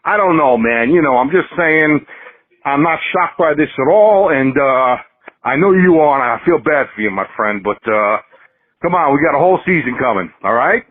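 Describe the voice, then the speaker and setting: A man calling in over a thin, tinny phone line, his voice husky and a little high. He talks casually and bluntly, shrugging things off with profanity. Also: lively intonation, moderate pace. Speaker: caller. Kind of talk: phoned-in voice message.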